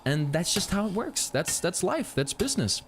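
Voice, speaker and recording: A man's voice: sits high, very animated, normal speed, background noise. A man in his twenties casually ranting and swearing while he plays a game. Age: 20s. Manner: ranting, profane, rambling. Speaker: gaming streamer. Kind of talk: casual playthrough chat.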